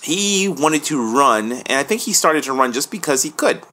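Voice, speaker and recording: A man co-hosting a podcast, talking politics in a casual, emphatic and animated way and swearing freely. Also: on the high side, moderate pace. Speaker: podcast co-host.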